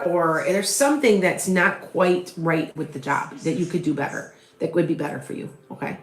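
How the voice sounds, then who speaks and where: Middle-aged female psychic, rambling and chatty, low voice, reverberant room. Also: normal speed. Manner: rambling, chatty, many fillers and restarts. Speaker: tarot reader and psychic medium. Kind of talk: live tarot reading with viewer questions. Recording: echoey room.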